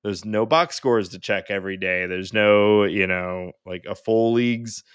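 A man's voice: lowish voice, unhurried, smooth, no echo, studio quality. A man co-hosting a casual sports podcast, telling stories in a rambling, self-interrupting way and laughing easily. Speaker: podcast co-host. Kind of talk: casual chat.

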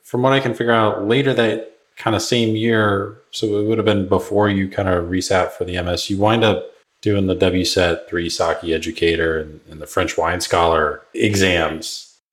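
A man with a very low voice hosts a podcast interview. He asks his guest questions in a relaxed, casual way. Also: moderate pace. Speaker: podcast host.

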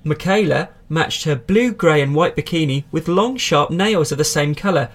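A man's voice: fairly high pitch, animated, moderate pace. A man hosting a comedy podcast, reading tabloid articles aloud in a dry, mock-serious way with wry asides. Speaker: podcast host.

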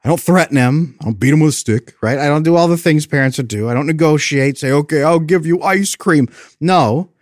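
A man in his thirties giving earnest parenting advice, explaining his points and repeating them for emphasis, his voice jumping up when he gets animated. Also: fairly high pitch, fast talker, hardly any pauses, no echo, clean studio sound. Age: 30s.

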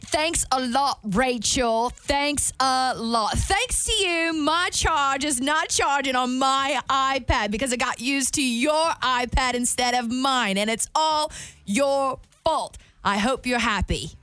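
A woman's voice: high voice, takes it slowly, a bit bright, clear, resonant tone. A woman voicing a sulky young girl who scolds her sister sarcastically, in an imitation British accent. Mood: sarcastic, sulky.

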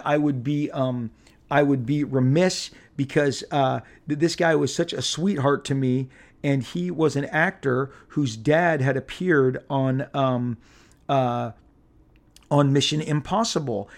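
A middle-aged man from Southern California, a comic book artist, shares a casual anecdote in a slightly high voice. He's animated and rambling, with plenty of fillers and restarts along the way.

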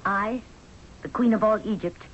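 A woman's voice: mid-range voice, moderate pace, a little hiss or hum, natural voice. A woman playing a proud Egyptian queen. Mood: indignant. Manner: haughty, indignant. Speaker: actress. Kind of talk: 1970s radio drama acting. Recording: dull lo-fi vintage radio broadcast.

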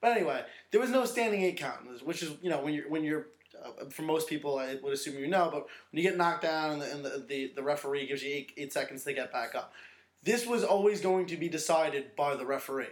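A man co-hosting a podcast in casual chat, talking quickly and excitedly with many restarts. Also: on the high side. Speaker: podcast co-host. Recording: echoey room.

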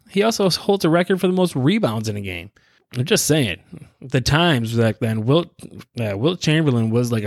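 A man chatting on his own podcast in a loose, rambling way, chuckling as he goes. He talks at a middling pitch, and his voice sounds close and dry, as if recorded in a small room with no echo. He is plainly high and unhurried. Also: a little mellow. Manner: rambling, laid-back, chuckling often. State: high on cannabis. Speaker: podcast host. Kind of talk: casual solo podcast chat.

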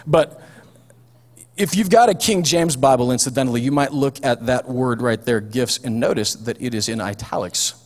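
A man's voice: medium pitch, moderate pace. A man preaching a sermon in a chatty, folksy way, with frequent fillers and restarts. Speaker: pastor. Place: church hall. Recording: long hall reverb.

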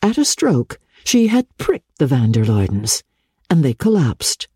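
Expressive woman reading a classic novel. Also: rumbling low, a little slow, slightly rough, no echo, clean studio sound. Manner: expressive and theatrical. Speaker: narrator.

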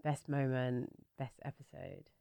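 A young woman from England co-hosting a podcast in casual chat, animated, laughing often and acting out quotes in loud high voices. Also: measured pace, vocal fry, smooth, no echo. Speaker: podcast co-host.

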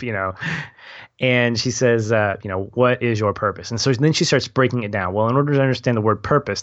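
A man's voice: fairly low pitch, fairly bright tone, no room sound. A young adult man in a casual film discussion, thoughtful and rambling, laughing easily. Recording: dull lo-fi audio.

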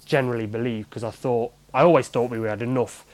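A man's voice: medium pitch, steady tone, fast, rough recording. A man, a former goalkeeper, chatting as a guest in an interview and telling stories in a rambling, conversational way with many restarts. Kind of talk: casual storytelling in an interview.

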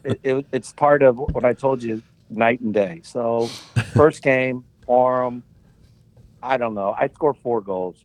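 A man in his sixties, a podcast guest telling animated anecdotes and laughing as he goes. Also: mid-range voice, takes it slowly, rough recording. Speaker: guest, former soccer player. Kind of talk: casual storytelling.

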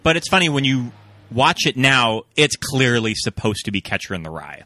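A man's voice: mid-range voice, very animated, moderate pace, sharp tone, dry recording. A man co-hosting a podcast in casual chat, explaining details thoughtfully with asides. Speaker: podcast co-host.

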